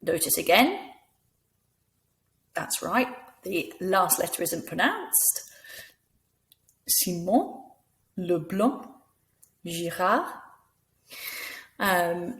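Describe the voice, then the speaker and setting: A middle-aged woman leads a language lesson at an unhurried pace. Her delivery is patient and encouraging, and she breaks each sound down carefully for learners. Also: lowish voice. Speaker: language teacher. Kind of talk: slow, clear classroom instruction.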